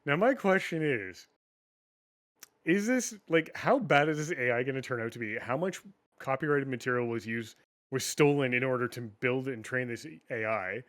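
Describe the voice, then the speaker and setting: A man's voice: medium pitch, moderate pace, a bit bright. A man co-hosting a casual gaming news podcast, ranting with lots of swearing and frequent laughs. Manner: profane, ranting, laughs often. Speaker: podcast co-host.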